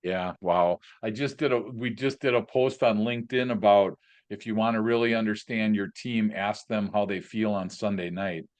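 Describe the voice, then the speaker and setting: Low-voiced enthusiastic male podcast host. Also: steady tone, moderate pace. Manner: enthusiastic, affirming, lots of fillers. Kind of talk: podcast interview.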